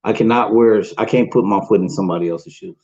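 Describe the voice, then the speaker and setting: Male co-host, husky mid-pitched voice, slangy jokester, lo-fi sound. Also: quick pace, mellow. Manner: joking, slangy. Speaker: podcast co-host. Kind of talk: casual late-night chat. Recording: lo-fi dull sound.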